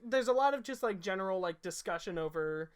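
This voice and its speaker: A man's voice: sits high, expressive, fairly quick, clear, resonant tone. A young man co-hosting a podcast, easygoing and laughing often, summing up his notes with many fillers and restarts. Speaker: podcast co-host. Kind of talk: casual chat.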